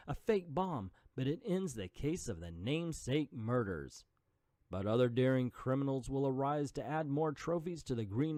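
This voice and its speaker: Animated man reading a comic aloud. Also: mid-range voice, no room sound, clean studio sound. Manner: animated, jokey asides. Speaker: comic book reader and commentator.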